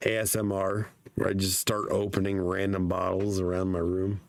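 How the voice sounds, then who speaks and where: Hoarse man with a gravelly, fading voice. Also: low-pitched, monotone, moderate pace, no room sound. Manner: swears casually, laughs often. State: voice nearly gone, hoarse. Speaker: podcast guest. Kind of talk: casual chat.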